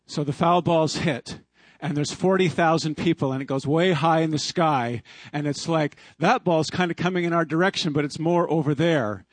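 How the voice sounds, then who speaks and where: A man, preaching through a lively personal story. His voice sits high for a man, and the sound is close and dry with no room around it. He chuckles often as he talks. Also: normal speed, no echo. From Canada. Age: 50s. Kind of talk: sermon storytelling.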